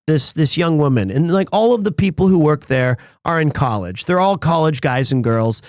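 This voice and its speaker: A man's voice: on the high side, animated, normal speed, dry recording, studio quality. A man telling a rambling story in a casual live-stream chat. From United States. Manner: rambling storyteller with frequent restarts.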